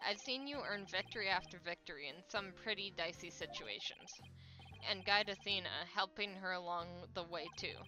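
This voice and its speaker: A calm male mentor lawyer, voiced by a woman reading game lines speaks steadily and encouragingly. The voice stays bright, and faint music plays behind. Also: medium pitch, a little fast, close to an everyday voice. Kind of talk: voicing game dialogue.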